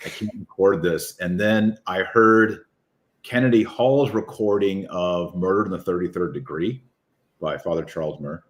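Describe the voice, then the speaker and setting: Deep-voiced man, eager podcast guest. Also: normal speed. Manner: enthusiastic, rambling with restarts. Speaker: author guest. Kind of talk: casual podcast conversation.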